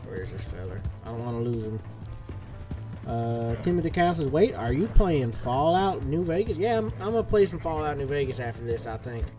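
A man's voice: mid-range voice, big pitch swings, fairly quick, over music. Folksy man streaming a western game. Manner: folksy cowboy drawl, playful. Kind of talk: casual live game commentary.

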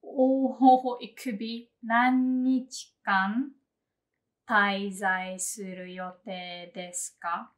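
Slow, chatty woman teaching phrases. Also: mid-range voice, steady tone. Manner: chatty, laughs, many fillers like "um" and "you know"; says example phrases slowly and clearly, then repeats them. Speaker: language teacher. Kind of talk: casual spoken lesson.

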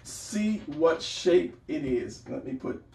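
Sketching as he talks, this art teacher leads a relaxed drawing lesson, repeating phrases and offering encouragement. His voice sits on the high side, animated yet slow, with vocal fry and a dark tone; a distant camera mic gives a roomy sound with slight background noise.

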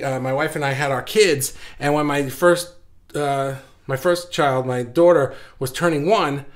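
A man in his thirties chatting live to his viewers, his voice sitting a little high for a man. He talks fast and keenly, tripping over fillers and restarts. He sounds a bit out of breath from his own excitement. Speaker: livestream host. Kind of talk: casual livestream chat.

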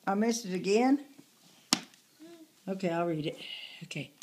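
Sing-song grandma coaxing little kids. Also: female voice, mid-range voice, measured pace, noisy background. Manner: sing-song baby talk, cheering and coaxing. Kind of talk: home video, talking to little kids. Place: home room with small children.

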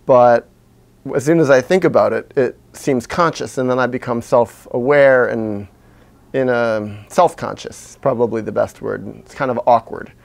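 A man talking slowly and haltingly to his camera, deliberately pitching his voice low from the chest while he reflects out loud. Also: vocal fry. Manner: slow, halting and self-searching, deliberately speaking low from the chest. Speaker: video blogger. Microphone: camera he is sitting in front of.

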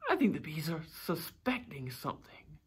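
A man voicing a gentle, earnest, simple-minded toy bear in a storybook read-aloud, talking in a ponderous, slightly anxious way. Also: fairly high pitch, very animated, normal speed, husky, exaggerated voice. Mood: anxious, calling.

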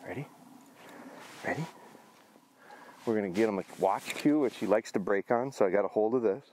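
A middle-aged man training a hunting dog outdoors, explaining his approach in a relaxed way between short commands. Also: quick pace, slight background noise. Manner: high excited praise to the dog. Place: outdoors in a field.

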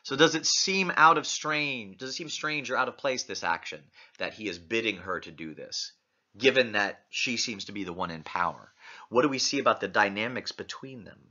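A male literature lecturer works through a text, stopping often to pose questions to his listeners. His voice is fairly low and very bright, almost sharp. The recording sounds muffled and lo-fi. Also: normal speed. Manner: asks many questions, reads passages aloud. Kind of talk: close-reading lecture.

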